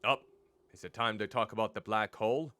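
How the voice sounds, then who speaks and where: A man's voice: on the low side, fairly even intonation, brisk, sharp tone, dry recording. A male streamer reading game text aloud and commenting, stumbling over pronunciations.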